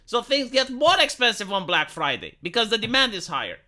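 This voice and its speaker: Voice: mid-range voice, big pitch swings, a little fast, pushed and bright. A live streamer ranting in a heated, profane, rambling way, sometimes laughing at their own points. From lives in Romania.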